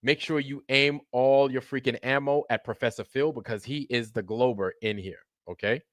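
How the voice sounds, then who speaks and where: A man's voice: mid-range voice, normal speed, a bit bright, dry recording, clean studio sound. A man hosting a livestream, ranting sarcastically with heavy swearing and greeting viewers in chat by name. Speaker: livestream host.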